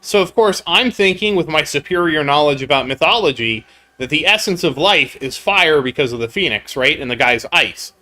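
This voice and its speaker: A man's voice: a little high, lively intonation, normal speed, bright, forceful tone. A man hosting a gaming channel, chatting casually over gameplay as a rambling storyteller who laughs often and repeats himself.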